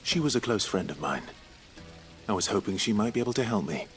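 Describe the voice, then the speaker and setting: A man voicing a grim, stern male swordsman in a video game, speaking in a measured, formal way. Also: lowish voice, lively intonation, natural voice. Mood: steady. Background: game soundtrack music.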